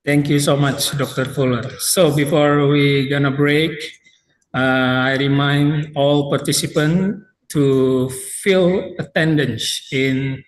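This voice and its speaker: A man's voice: medium pitch, fairly even intonation, slow, rough recording. A man moderating a seminar, making polite, repeated announcements. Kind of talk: formal moderating.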